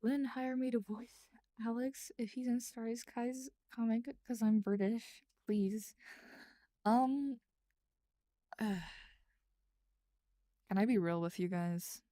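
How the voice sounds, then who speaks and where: A woman hosts a casual late-night writing stream, rambling, musing aloud as she types, and answering her chat. Her warm voice sits on the high side, with fairly even intonation, a slow pace, and long pauses, in a dry, studio-quality recording.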